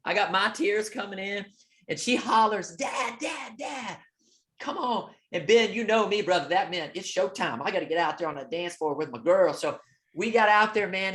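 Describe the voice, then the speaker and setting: A man coaching with a motivational talk, telling a story in an emphatic, preacher-like rhythm. He keeps asking "okay?" and moves between loud and soft. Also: sits high, moderate pace. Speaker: real estate coach.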